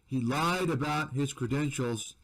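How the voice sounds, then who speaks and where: A man's voice: mid-range voice, a little slow, a bit bright, rough recording. A man, an investment commentator, delivering a combative, repetitive rant to his viewers. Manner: combative, repetitive, name-calling.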